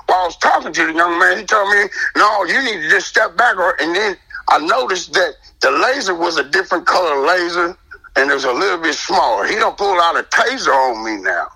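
Guest, man, high bright husky voice, animated storyteller acting out his exchanges. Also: brisk, rough recording. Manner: indignant, emphatic, acts out dialogue.

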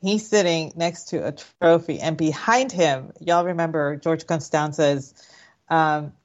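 A woman co-hosting a casual talk show, talking in halting, rambling sentences. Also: low voice, highs cut off. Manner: rambling, halting, many restarts. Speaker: podcast co-host. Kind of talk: casual chat.

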